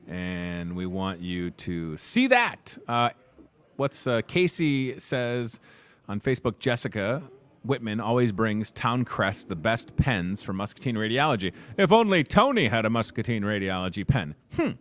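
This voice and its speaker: A young man hosting a grocery store's daily video, energetic, jokey and rambling, recorded in the store. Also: fairly low pitch, normal speed, no room sound. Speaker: host.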